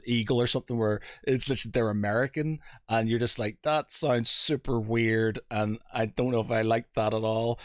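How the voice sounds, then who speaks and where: A man's voice: mid-range voice, no echo. A man chatting loosely on a podcast, full of fillers and easy laughter. His voice sits in a middling register and sounds close and dry, with no room around it. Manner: rambling, laughs often, many fillers. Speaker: podcast host. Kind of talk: casual chat.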